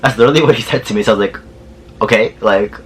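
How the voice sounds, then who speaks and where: A man's voice: mid-range voice, very fast, a little hiss or hum. A young man telling a storytime vlog in a sassy, profane, dramatic way. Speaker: vlogger. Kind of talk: casual storytime.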